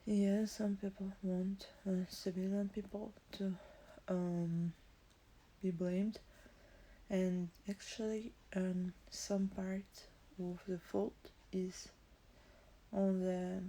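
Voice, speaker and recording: Soft, halting young woman streamer. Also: mid-range voice, level tone. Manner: halting, hesitant, searching for words. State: emotional, teary. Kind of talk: casual live stream talk.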